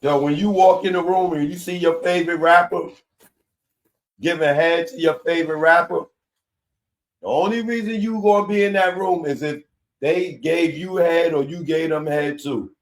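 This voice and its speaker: A man, hosting a live commentary show in a casual, animated way that keeps repeating his points. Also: on the high side, moderate pace. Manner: animated, laughing, repeats himself.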